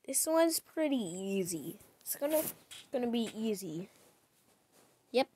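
A woman streaming a game, talking very slowly and drawn out in a fairly high voice. Her chatty commentary keeps jumping into loud, excited bursts. The sound is dry and close, with no room echo. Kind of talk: gaming livestream commentary.

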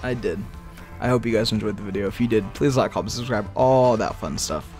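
A man's voice: on the low side, brisk, darkish tone, faint music behind. A young man giving rambling live commentary over his own gameplay, talking to himself and breaking into exasperated outbursts. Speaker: gaming video creator.

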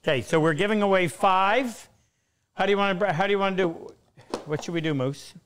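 A man's voice: sits high, fairly quick, a bit bright, slight background noise. A middle-aged man hosting a live woodworking stream, chatting loosely with frequent restarts. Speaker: host.

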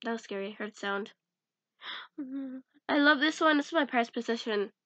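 A woman's voice: a little high, normal speed, bright, forceful tone, no echo. A young woman chatting casually in a vlog as she sorts through cards, giggling and mumbling names to herself. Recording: dull lo-fi sound.

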